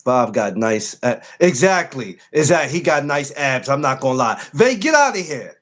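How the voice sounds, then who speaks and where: A man's voice: medium pitch, very animated, moderate pace, fairly bright tone. A man hosting a podcast in casual morning chat, playful and teasing, repeating his phrases. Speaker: podcast host.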